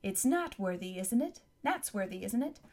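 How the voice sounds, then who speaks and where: A woman reading aloud, voicing a kindly middle-aged male explorer with a gently teasing manner. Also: mid-range voice, very animated, normal speed.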